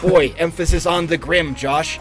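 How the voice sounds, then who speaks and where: Guy running a comedy rpg, kinda high voice, hammy folksy storyteller bit, a little music in back. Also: steady tone, measured pace. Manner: playful folksy storyteller voice, says it hurts his throat. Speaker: game master. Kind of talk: narrating a comedic tabletop role-play.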